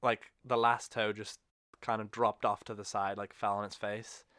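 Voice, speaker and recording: A man's voice: fairly low pitch, flat delivery, normal speed, fairly bright tone, dry recording, studio quality. A man hosting a podcast, telling a long story in a rambling, self-correcting way. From England. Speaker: podcast host. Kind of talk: casual chat.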